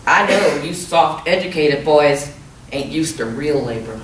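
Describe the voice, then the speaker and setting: A woman reading aloud, voicing a bigoted old grandfather with a thick accent, gruff and sneering. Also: low voice, animated, unhurried, slight background noise. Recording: echoey room, mic far off.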